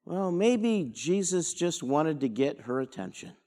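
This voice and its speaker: Taking a Bible passage verse by verse, a male pastor explains things unhurriedly, with dramatic pauses. His voice sits on the high side, with a sing-song lilt and a dark tone.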